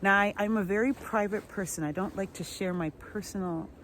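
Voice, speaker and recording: A woman's voice: medium pitch, fairly quick, a little hiss or hum, low-quality recording. A woman, talking in a rambling, chatty vlog monologue outdoors. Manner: warm, chatty, rambling with restarts. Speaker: vlogger.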